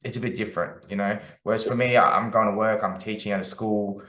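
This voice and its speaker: A man in his forties hosts a relaxed podcast chat and asks questions in an easygoing way. His voice sits slightly low. The room around him is roomy and echoey. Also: fast talker. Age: 40s. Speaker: podcast host. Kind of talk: casual interview chat.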